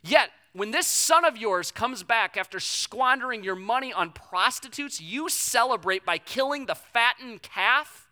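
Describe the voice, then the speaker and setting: An angry young man, the resentful older son, hurls accusations at his father in a raised, bright, pushed voice, as a preacher acts him out in a sermon. He sounds indignant and wronged. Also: mid-range voice, expressive, measured pace, hardly any pauses, voice pushed up.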